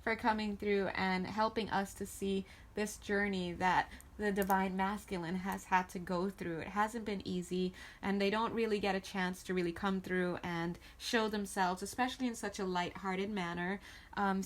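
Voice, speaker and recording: A woman giving a casual tarot reading to camera, chatty and playful and warmly encouraging toward her viewers. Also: mid-range voice, fairly even intonation, normal speed. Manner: chatty and playful, giggles often. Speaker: tarot reader.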